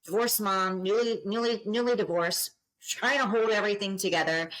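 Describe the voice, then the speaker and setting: A middle-aged woman talks as a podcast guest, earnest and encouraging. She often circles back and restarts her phrases as she thinks aloud. Her voice sits at an ordinary pitch for a woman. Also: normal speed, a bit bright, rough recording. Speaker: guest, business coach. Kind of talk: podcast interview.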